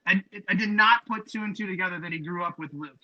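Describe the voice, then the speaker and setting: Over a loud crowd, a podcast co-host with a high voice tells a story quickly, and the audio's highs are cut off. He rambles in casual chat, using lots of fillers and restarts.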